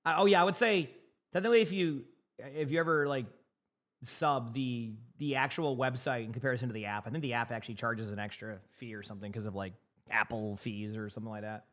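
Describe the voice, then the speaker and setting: A man's voice: mid-range voice, fairly quick, fairly bright tone. A young man from Massachusetts with a light Boston accent, chatting casually on a live stream, reading chat aloud and rambling with lots of repeated words.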